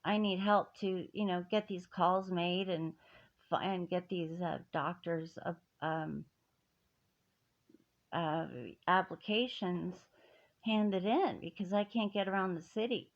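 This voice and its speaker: A woman's voice: on the low side, steady tone, takes it slowly. A middle-aged woman telling a personal grievance in an emphatic, indignant way, with many restarts. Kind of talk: personal story, speaking to camera. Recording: dull lo-fi audio.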